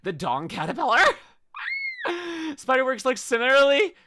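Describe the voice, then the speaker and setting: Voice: sits high, wildly swooping pitch, background noise. A streamer rambling goofily and riffing while reacting to videos in casual live chat. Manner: goofy, rambling, quick to laugh and riff.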